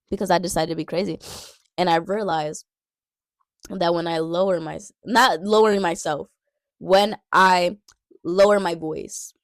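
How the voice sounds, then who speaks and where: Earnest young woman, low gravelly voice. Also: dry recording, clean studio sound. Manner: earnest, repeats key phrases for emphasis. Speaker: Christian dating vlogger. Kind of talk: casual advice talk.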